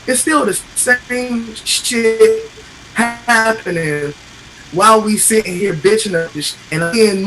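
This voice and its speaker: A man with a high, bright, forceful voice speaks in raw, impassioned bursts, swearing and repeating himself. He hosts a casual podcast chat. A faint hiss of background noise sits under the recording. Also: low-quality recording. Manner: impassioned, profane, repetitive.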